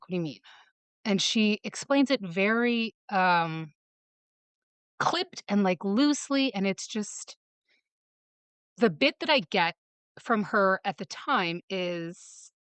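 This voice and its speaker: Woman from michigan retelling what happened, quotes everyone, says like a lot, smooth clear voice, dry sound. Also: medium pitch, a bit bright, no echo. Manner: fast retelling, quoting others with "like". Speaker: podcast guest. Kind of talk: personal storytelling.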